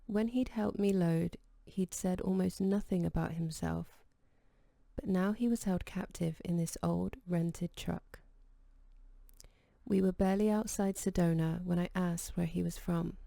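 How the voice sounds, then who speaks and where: A woman narrates an audiobook in a calm, measured voice that sits low and mellow, with a gravelly texture. The sound is close and dry, with no room around it. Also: no room sound. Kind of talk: scripted narration.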